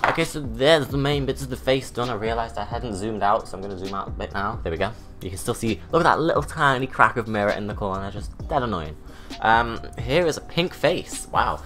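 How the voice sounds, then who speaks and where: A man's voice: fairly low pitch, lively intonation, brisk, a bit bright, soft background music. Camp British man chatting through makeup. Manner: camp, self-mocking, rambling asides. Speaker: drag artist vlogger. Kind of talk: chatty get-ready-with-me tutorial.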